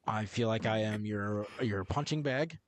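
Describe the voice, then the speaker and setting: A man's voice: lowish voice, unhurried, no room sound. A man co-hosting a podcast in casual movie-review chat, cursing often and restarting his sentences as he rambles. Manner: profane, rambling, self-interrupting. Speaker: podcast co-host.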